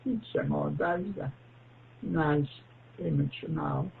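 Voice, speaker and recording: A man, a ham radio operator, chatting slowly and haltingly on air with lots of pauses. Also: fairly high pitch, gravelly. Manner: slow, halting, with frequent pauses and fillers. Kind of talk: casual on-air chat. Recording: tinny radio transmission with faint hiss.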